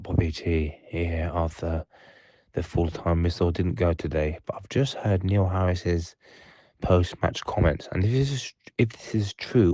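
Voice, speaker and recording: A man's voice: deep voice, mellow, dry recording, dull audio. Furious swearing man on voicemail. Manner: angry, swearing, rambling. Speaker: voicemail caller. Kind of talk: ranting voicemail messages. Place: at home on a sofa. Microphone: phone voicemail.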